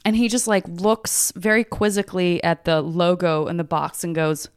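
A woman's voice: lowish voice, steady tone, moderate pace, smooth. A woman hosting a podcast, chatting playfully and casually with lots of fillers. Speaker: podcast host. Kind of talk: casual interview chat.

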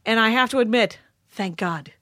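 A woman's voice: a little high, normal speed, sharp tone, dry recording, clean studio sound. A woman hosting a podcast, talking in a chatty, joking way and laughing often. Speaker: podcast host. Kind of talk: casual chat.

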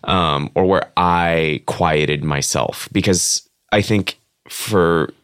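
A man's voice: low voice, takes it slowly, a bit bright, clear, resonant tone, no echo, studio quality. A man guest on an interview show, chatting candidly and casually with lots of filler words. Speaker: guest, comic book writer.

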